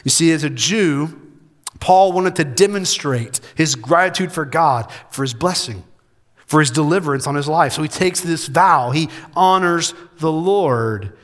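Emphatic preacher in a reverberant hall. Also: male voice, a little high, expressive, a little slow. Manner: emphatic, swings between loud preaching and soft intimate delivery. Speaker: pastor. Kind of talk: sermon.

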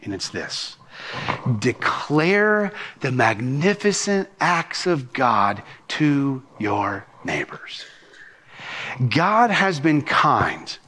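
A man preaching a sermon as pastor, with rhythmic, animated delivery and quick bursts of speech. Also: medium pitch, in a large hall.

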